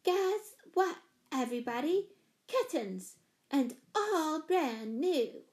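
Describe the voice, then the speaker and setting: A woman reading a storybook and voicing an excited little girl who shouts her news at the top of her lungs. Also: sits high, slow pace, pitched above the performer's own voice.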